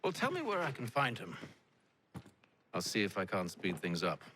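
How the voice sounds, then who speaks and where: Curt, commanding leader. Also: male voice, fairly low pitch, wildly swooping pitch, moderate pace, bright, forceful tone, a little hiss or hum, full character voice. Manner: curt, controlled. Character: cool, commanding male leader.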